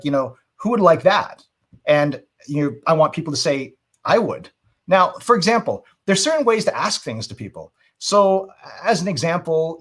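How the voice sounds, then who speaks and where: A man's voice: a little high, a bit bright. A middle-aged man teaching marketing in a live seminar, persuasive and emphatic, often checking in with rhetorical questions. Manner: emphatic with frequent asides. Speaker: webinar marketing trainer.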